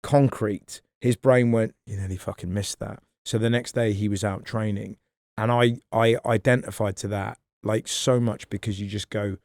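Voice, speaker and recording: A man, a comedian guest on a podcast, talking in a rambling, animated way and swearing freely. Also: lowish voice, moderate pace, dry recording, studio quality. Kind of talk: casual podcast chat.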